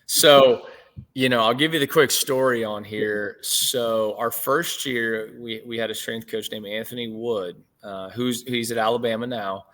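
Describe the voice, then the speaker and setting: A man in his late thirties, a head baseball coach, telling stories in a relaxed interview over a video call, with many fillers and restarts. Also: mid-range voice, measured pace. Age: 30s. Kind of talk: casual interview chat.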